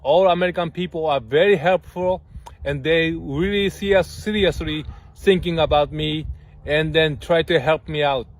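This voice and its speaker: A man's voice: a little high, normal speed. Sincere man giving thanks. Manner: sincere, simple phrasing, searches for words. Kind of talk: short thank-you message.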